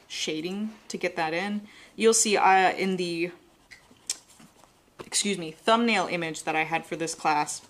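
A woman teaching a live drawing class, explaining in a relaxed, chatty way while she sketches. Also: mid-range voice. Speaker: art instructor.

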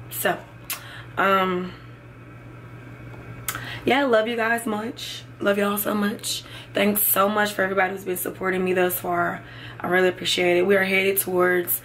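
A woman's voice: mid-range voice, level tone, unhurried, pauses often, fairly bright tone, slight background noise. A young woman chatting casually to her viewers in a vlog, calling them y'all. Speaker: vlogger.

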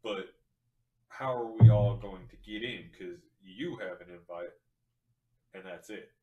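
A man playing in a tabletop game who speaks confidently and deliberately. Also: on the low side, warm tone. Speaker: player. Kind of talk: casual tabletop play. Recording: roomy echo.

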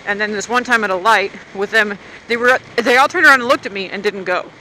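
A woman's voice: medium pitch, fast talker, pushed and bright, slight background noise, rough recording. A woman motovlogger chatting and grumbling in a rambling, unscripted way outdoors at a gas station.

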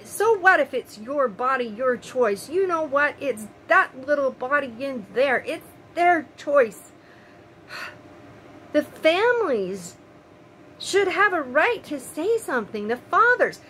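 A woman's voice: high voice, sing-song, slow pace, fairly bright tone, a little hiss or hum, poor audio. An older woman and grandmother talking straight to her viewers in an emotional, pleading opinion monologue, repeating her phrases. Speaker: vlogger.

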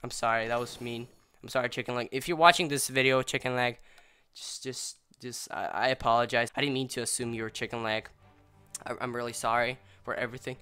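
A young man commentating his own gameplay, rambling and apologizing, then yelling in excitement, a little sick and clearing his throat. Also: medium pitch, brisk, soft background music. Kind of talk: casual let's-play commentary.

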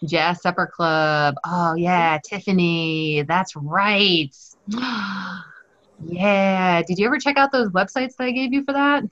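A woman's voice: fairly low pitch, unhurried, few pauses, fairly bright tone. A woman instructor leading a live online culinary class in a chatty, joking manner over a video call. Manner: playful, chatty, jokey. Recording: muffled online call audio.

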